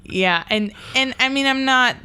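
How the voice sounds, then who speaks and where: A woman's voice: high voice, measured pace, pushed and bright, clear, resonant tone. A woman co-hosting a casual movie podcast, chatting with hesitant fillers. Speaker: podcast co-host.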